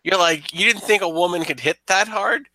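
A man running a tabletop horror game as game master, narrating in an animated, chatty way with playful menace. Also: sits high, normal speed, slight background noise, low-quality recording.

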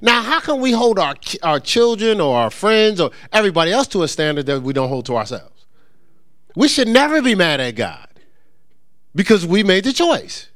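A man preaching to his church in a relaxed, conversational way, full of asides and teasing. His voice sits on the high side and swings widely in pitch as he makes his points. He often restarts words and repeats himself on the way to a point. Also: normal speed. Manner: lively, joking asides to the congregation. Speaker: pastor. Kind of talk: conversational sermon.

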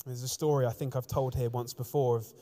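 A man's voice: medium pitch, steady tone, brisk, dark tone. A man preaching a sermon from the front of a church, telling stories earnestly, with frequent restarts. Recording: long church reverb.

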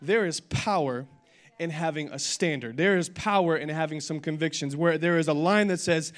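Young guy pastor preaching, kinda high voice, gets fired up and loud. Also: a little fast. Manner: energetic preaching that builds to loud declarations, with humorous storytelling. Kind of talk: sermon.

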